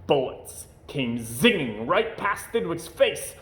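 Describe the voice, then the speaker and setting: Guy reading a rhyming kids book out loud, slow and bouncy, roomy echo. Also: a little high. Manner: expressive, rhythmic rhyming delivery. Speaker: storyteller. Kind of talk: reading a picture book aloud. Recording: echoey room.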